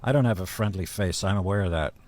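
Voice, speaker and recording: A man as a podcast guest telling casual stories in a blunt, profane, deadpan-boasting way. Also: deep voice, fast talker. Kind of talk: casual storytelling.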